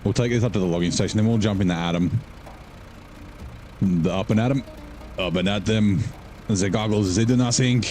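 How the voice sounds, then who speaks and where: A man's voice: fairly low pitch, normal speed, pauses often, a little mellow, a little hiss or hum. A man casually commenting while he live-streams a game, rambling and joking with his viewers. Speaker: gaming streamer.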